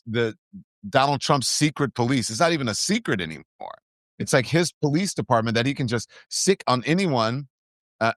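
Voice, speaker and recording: A man's voice: mid-range voice, a bit bright, dry recording, clean studio sound. A man hosting a podcast in a casual political chat, telling stories with animation and acting out the quoted back-and-forth. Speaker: podcast host.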